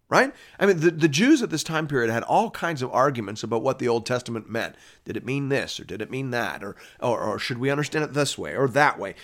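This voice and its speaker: A man's voice: medium pitch, animated, a little fast, hardly any pauses, a bit bright. A man preaching a sermon, reading scripture aloud and explaining it in a conversational, emphatic way with rhetorical questions.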